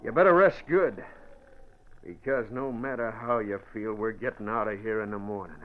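An actor playing a ruthless male fur trapper who barks gruff orders, in 1940s radio acting style. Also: fairly high pitch, animated, moderate pace, close to an everyday voice. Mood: harsh. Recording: lo-fi old radio recording with faint hiss.

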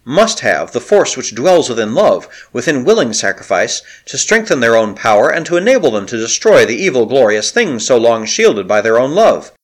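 A man narrating a novel aloud in a dramatic, expressive storytelling manner. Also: mid-range voice, normal speed, few pauses. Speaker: audiobook narrator.

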